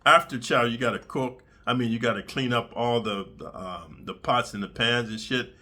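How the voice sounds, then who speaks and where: A man hosting his channel, telling crude prison stories in a blunt, streetwise, animated way full of slang. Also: mid-range voice, normal speed. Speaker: channel host. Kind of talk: crude prison storytelling monologue.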